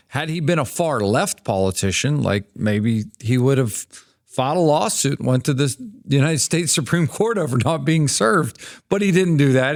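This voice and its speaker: A man's voice: mid-range voice, no room sound, studio quality. A man, a co-host who grew up on the Pennsylvania-Ohio border, chatting casually and retelling scenes with quoted voices. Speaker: podcast co-host. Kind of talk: casual chat.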